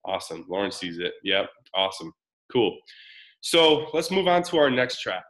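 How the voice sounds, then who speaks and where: A man's voice: fairly low pitch, very animated, normal speed, fairly bright tone, poor audio. A man in his thirties presenting a live parenting webinar, talking casually and energetically while answering chat comments.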